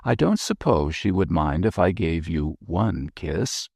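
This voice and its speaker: A man's voice: deep voice, animated, a little slow, creaky, darkish tone, breathy edge, no echo, clean studio sound, exaggerated voice. Man doing a jaunty, teasing young captain. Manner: playful, bantering, irreverent.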